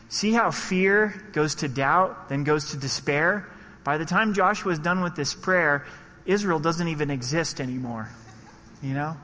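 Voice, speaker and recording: A man's voice: fairly high pitch, measured pace, pushed and bright, long reverb tail. A man preaching a sermon in a conversational way, acting out the voices he quotes. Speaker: pastor.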